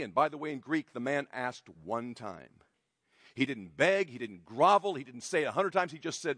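A male pastor preaching a sermon, emphatic, slowing down for stress and dropping to quiet lines at key moments. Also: expressive, no room sound, studio quality. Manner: emphatic, varies pitch and loudness widely, slows for stress.

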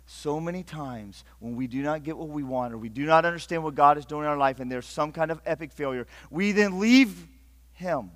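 A middle-aged man from Northeast Ohio preaching a sermon, swinging between loud urgent bursts and hushed, intimate passages. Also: fairly high pitch, fairly quick, no room sound. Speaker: pastor.

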